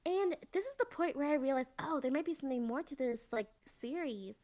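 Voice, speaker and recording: A woman's voice: sits high, lively intonation, fairly quick, darkish tone. A woman hosting a casual anime review podcast, retelling an episode in a rambling way with lots of filler words. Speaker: podcast host.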